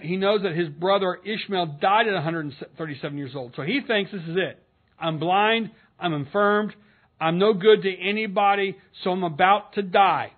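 Male pastor, earnest expository sermon, high-pitched, thin telephone-line quality. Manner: earnest, reads scripture aloud and comments between verses. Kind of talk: expository sermon with scripture reading. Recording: narrow phone-like sound.

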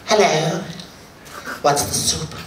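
A woman's voice: sits low, slow pace. A man voicing a fussy woman who regularly phones a restaurant to ask about the soup, speaking in curt questions, in a roomy, noisy live recording from a distance.

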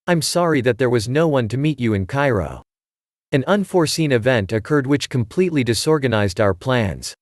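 A man's voice: mid-range voice, animated, moderate pace, dry recording, studio quality, natural voice. Man reading as a grave, steadfast archaeologist. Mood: courteous.

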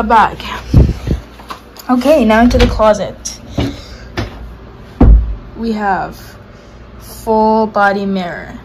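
A woman's voice: medium pitch, a little hiss or hum, low-quality recording. A young woman vlogger casually narrating a tour of her dorm room, listing her things in an offhand way. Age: young adult. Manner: listing items in a relaxed, offhand way.

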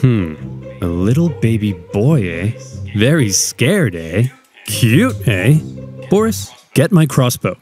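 A man voicing a vain, glory-seeking young tsar in a cartoon history video, speaking in a smug, drawn-out way. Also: medium pitch, big pitch swings, a little mellow, faint music behind.

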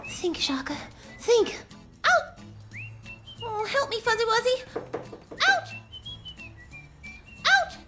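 A woman's voice: very high-pitched, sing-song, a little slow, full character voice. A woman voicing a chatty, bossy and forgetful little girl dog in a comedy web series, musing aloud and easily startled. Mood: panicked. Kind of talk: comedic voice-over. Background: music.

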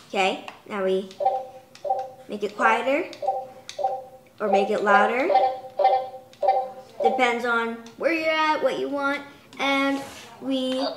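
Young woman, slightly high voice, unhurried and chatty, home demo. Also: fairly bright tone, reverberant. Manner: chatty, many "like" fillers. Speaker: toy demonstrator. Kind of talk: casual product demo.

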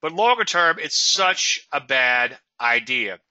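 Middle-aged guy from louisiana talking trades, real bright voice, keeps going "okay?", dull dry audio. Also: medium pitch, expressive, slow, no room sound. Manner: chatty, sarcastic asides, keeps asking "okay?". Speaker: trading commentator. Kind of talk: webinar commentary.

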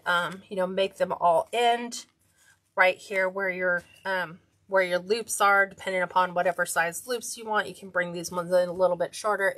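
A chatty woman with a slightly low voice walks viewers through a craft project. She talks casually and mutters to herself as she works. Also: fairly bright tone, no echo. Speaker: craft tutorial host. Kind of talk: casual hands-on tutorial.

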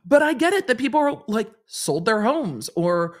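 A woman's voice: fairly high pitch, very animated, moderate pace. A woman in her forties from Los Angeles hosting a casual livestream, chatting and reading viewer comments, often repeating phrases for effect. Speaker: host and lawyer commentator.

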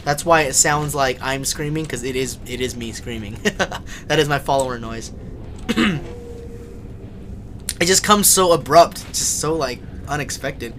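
A man's voice: mid-range voice, unhurried, fairly bright tone, a little hiss or hum. A young man live-streaming a horror game, swearing, yelping in fright and chatting to his viewers. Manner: jumpy, swears and yelps in fright, then chats to viewers.

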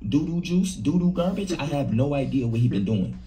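A man's voice: a little high, expressive, a little fast, dark tone. A man hosting a casual commentary video, mocking and conspiratorial in tone. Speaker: host.

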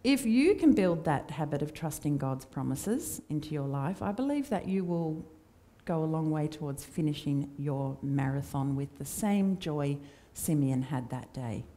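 Woman preaching, dark mellow voice. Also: sits low, expressive, a little slow, hardly any pauses. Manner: conversational, warm storytelling with acted quotes. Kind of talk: sermon. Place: church.

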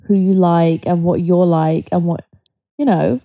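A woman's voice: on the low side, fairly even intonation, a little slow, vocal fry, warm tone. A young woman co-hosting a podcast, chatting bluntly and reassuringly with her friend. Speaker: podcast co-host. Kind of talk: casual chat.

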